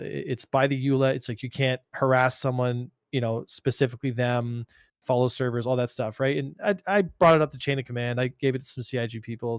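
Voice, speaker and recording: A man co-hosting a casual gaming podcast, telling stories in an animated, rambling way with many restarts. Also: medium pitch, no room sound, clean studio sound. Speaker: podcast co-host.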